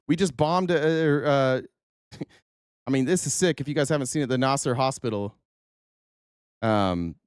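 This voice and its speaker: Fired-up male podcast host, profane and indignant, mid-pitched voice, dry sound. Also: clean tone, no echo. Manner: angry, profane ranting; choked up at times. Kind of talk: political commentary.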